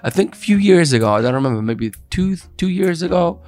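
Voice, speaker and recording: A man's voice: a little high, expressive, brisk, darkish tone, dry recording. A man hosting a casual chat show, playful and joking, fond of trying silly accents. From expat living in Dubai. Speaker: show host.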